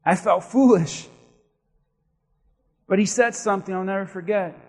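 A male pastor with a very high voice delivers a lively storytelling sermon. He drops to a near hush, then climbs into shouting. The sound carries a long reverb from a large church sanctuary. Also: unhurried. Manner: animated storytelling, swings from hushed to shouting.

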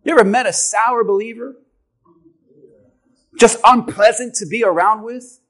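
A man preaching a sermon to his church with an object lesson, animated and swinging from quiet asides to shouting. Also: high voice, a little slow. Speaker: pastor.

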